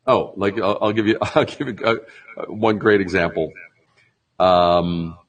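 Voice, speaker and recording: During an interview, a branding expert, a man talking a little slowly, livens up his explanations with acted-out mock sales pitches and frequent laughter in a conversational tone. It's a low-quality recording.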